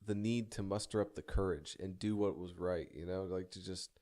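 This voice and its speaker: A man's voice: low-pitched, fairly even intonation, moderate pace, mellow. A young man telling a personal story in a rambling, self-deprecating way, swearing casually and stumbling through many restarts.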